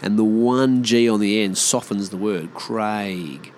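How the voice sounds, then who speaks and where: Aussie bloke ranting about stuff, sweary and blunt, bit of a low voice, faint traffic hum. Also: male voice, fairly even intonation, normal speed, darkish tone. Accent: Australian. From Australia. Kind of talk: casual rambling monologue.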